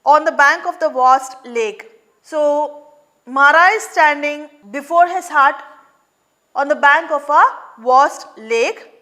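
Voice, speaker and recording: A young woman with an Indian English accent teaching an online class, explaining a play slowly and repeating lines to explain them. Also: high-pitched, bright, forceful tone.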